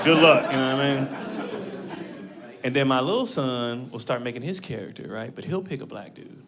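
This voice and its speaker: A man in his thirties doing an animated stand-up comedy set, laughing through his punchlines. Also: medium pitch, a little fast. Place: comedy club stage with audience. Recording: loud crowd laughter and room noise.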